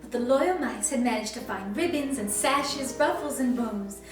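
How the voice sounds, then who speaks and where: A woman's voice: on the high side, moderate pace, distant mic. A woman in costume reading a picture book aloud to young children in a library, in a sing-song storyteller way that keeps asking them questions. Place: library program room. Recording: echoey room, voice from afar, faint music.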